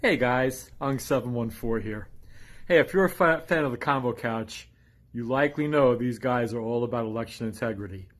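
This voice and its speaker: A man giving a breezy, jokey recorded shout-out message. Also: mid-range voice, moderate pace. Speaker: donor giving a video message.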